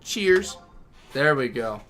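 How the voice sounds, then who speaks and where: A man's voice: medium pitch, big pitch swings, slow, a bit bright, slight background noise. A man streaming a game live, chatting casually and talking affectionately to his dogs. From Minnesota.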